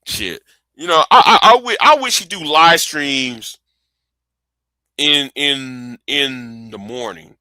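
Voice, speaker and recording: A man's voice: a little high, takes it slowly, sharp tone, dry recording. A man chatting casually on his live stream, rambling and profane, often repeating words while he thinks.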